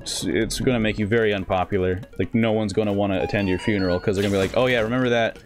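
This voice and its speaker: A man giving casual gameplay commentary as a let's play host, joking in rambling asides and breaking into sudden excited outbursts. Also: lowish voice, fast talker, music in the background.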